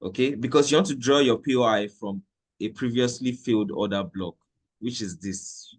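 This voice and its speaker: A trading instructor with a mid-range voice teaches a live lesson at a moderate pace. He keeps it conversational, repeats points and checks in with "okay?"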